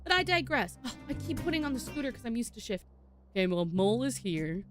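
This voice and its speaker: Bubbly woman, casual gameplay commentary, very lively pitch, faint game music behind. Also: quick pace. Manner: bubbly, chatty, coos over cute things. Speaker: voice actor streaming gameplay.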